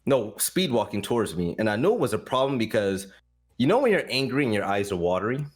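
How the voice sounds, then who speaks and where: A man guesting on a podcast, telling a story in a blunt, animated way and swearing freely. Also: on the low side, fast talker, breathy edge. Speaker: podcast guest, esports caster. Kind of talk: casual storytelling.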